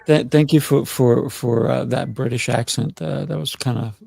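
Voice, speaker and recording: A man's voice: medium pitch, fairly even intonation, normal speed, creaky, a little mellow, no echo. A man hosting a panel talk, speaking earnestly and often repeating words as he builds his point. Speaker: host.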